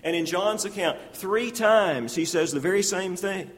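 A man's voice: sits high, normal speed. A man preaching an expository sermon, his slightly raised voice carried on the long reverb of a big hall. He reads scripture aloud verse by verse and acts out the speakers' lines as he explains them.

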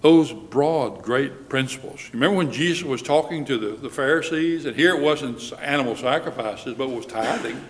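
A man preaching a Sunday sermon, with a measured delivery that slows down when he reads scripture aloud. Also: medium pitch. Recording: reverberant hall.

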